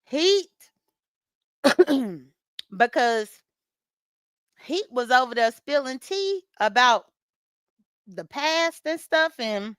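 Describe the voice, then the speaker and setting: Femme bavarde à la voix aiguë et nette, avec un afro-américain. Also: female voice, high voice, lively intonation, very slow, pauses often, fairly bright tone, clean tone, dry recording. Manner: chatty, laughing, talks straight to commenters by name. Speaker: vlogger recapping livestream drama. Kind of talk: casual chat to viewers while getting ready.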